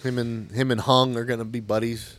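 A man's voice: medium pitch, flat delivery, a little fast, fairly bright tone. A man co-hosting a podcast, chatting casually, sarcastic and profane, often laughing. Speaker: podcast co-host. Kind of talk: casual chat.

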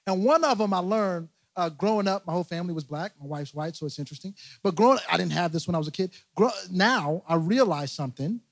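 A man's voice: sits high, fast talker, few pauses. A young man preaching a casual, humorous sermon as pastor, joking, laughing at himself and repeating phrases. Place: church service in a large room. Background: loud guitar music.

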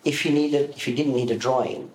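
A man answering interview questions, telling lively stories about his past and acting out the voices of the people in them. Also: medium pitch, a little fast. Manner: animated storyteller, acts out quoted voices. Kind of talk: reminiscing in an interview. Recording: roomy echo with faint room noise.

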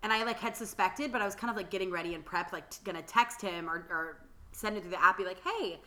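A young woman with a bright, clear voice chats casually as a podcast co-host. She fills her speech with "like" and laughs easily as she tells her story. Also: medium pitch, fast talker. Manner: chatty, lots of "like" and laughter. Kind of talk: casual chat.

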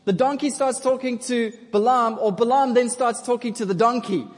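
High-voiced preacher in a reverberant church. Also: male voice, normal speed. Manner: casual, jokey storytelling, asks congregation for responses. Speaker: pastor. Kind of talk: sermon. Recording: long church hall reverb.

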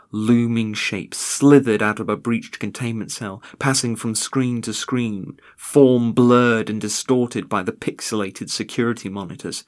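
Low-voiced man narrating a horror story. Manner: tense, rising to frantic in moments of terror.

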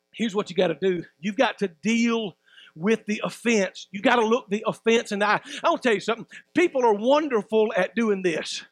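A man, preaching a sermon as pastor in a folksy, preacherly way, swinging between loud emphatic bursts and low asides. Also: dry recording.

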